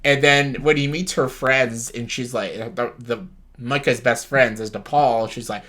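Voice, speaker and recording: A man's voice: medium pitch, fairly even intonation, measured pace, sharp tone. A man chatting casually as a video host, rambling and enthusiastic, swearing freely and often laughing. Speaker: YouTuber reviewing a reality show. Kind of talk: casual chat.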